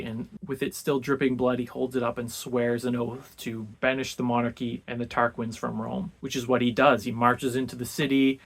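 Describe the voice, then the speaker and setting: Man, book club host, gravelly voice, mid pitch, chatty animated retelling. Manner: animated storyteller, acts out quotes in a casual modern voice.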